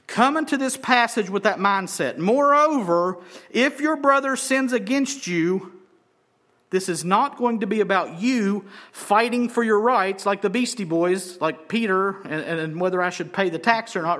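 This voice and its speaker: A man preaching an expository sermon, emphatic and repeating phrases for stress, slowing down on key words. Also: sits high, a bit bright. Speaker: pastor.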